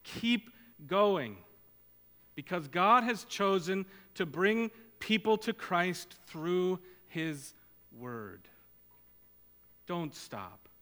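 Bright-voiced preacher in a reverberant hall. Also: male voice, high voice, big pitch swings, drawn-out words. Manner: earnest, repetitive exhortation. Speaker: pastor. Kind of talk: sermon.

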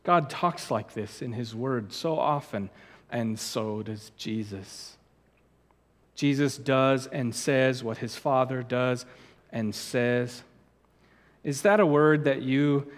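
In a large hall, a pastor with a mid-range voice preaches an emphatic, earnest sermon. He repeats words to press his points and rises to sudden outbursts.

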